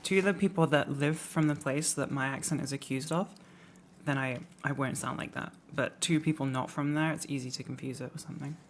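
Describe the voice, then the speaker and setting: A young British woman from the UK chatting casually on a live stream, rambling and letting her phrases trail off quietly. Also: a bass voice, fairly even intonation, brisk, slight background noise.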